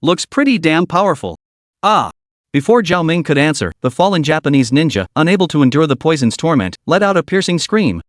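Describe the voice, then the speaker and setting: A man's voice: on the high side, sing-song, fast, few pauses, no room sound, studio quality. A man narrating a comic recap as a dramatic scripted story.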